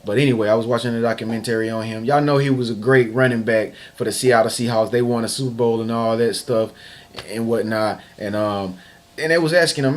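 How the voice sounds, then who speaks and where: A man's voice: medium pitch, brisk. A man giving a casual, slangy motivational talk as a vlog host, hammering phrases again and again and often restarting sentences. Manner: emphatic and repetitive, hammering phrases over and over. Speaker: motivational vlogger.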